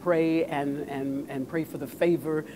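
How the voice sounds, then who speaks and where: A woman's voice: low-pitched, steady tone, unhurried, noisy background. An older woman, an actress guest, answering interview questions in an earnest way, often repeating words as she thinks.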